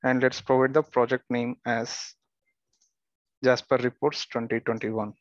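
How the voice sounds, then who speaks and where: A man teaching a software tutorial, giving steady step-by-step instructions with the odd filler and restart. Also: mid-range voice, measured pace, no echo, lo-fi sound. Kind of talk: screen-recorded software tutorial.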